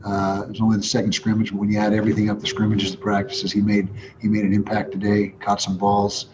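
A male football head coach answering reporters in a steady, assured way. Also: lowish voice, quick pace. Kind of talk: press conference answers. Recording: dull audio with background noise.

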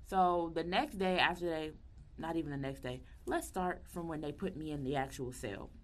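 A young woman tells a personal story in a casual, animated way. Her voice sits low, and she jumps into the voices of the people she quotes. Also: moderate pace.

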